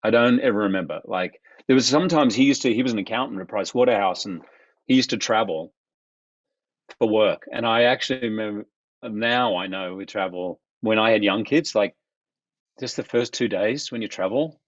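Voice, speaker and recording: Man in his fifties, low-ish voice, lively storyteller, dry dull podcast sound. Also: normal speed, no room sound. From Australia. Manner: animated, acts out quoted voices of others. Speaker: guest. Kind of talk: reflective storytelling in conversation.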